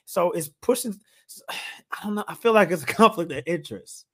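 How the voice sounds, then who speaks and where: Male podcast co-host, casual, animated storyteller who laughs a lot. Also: high voice, moderate pace. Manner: animated, laughing while retelling. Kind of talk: casual chat.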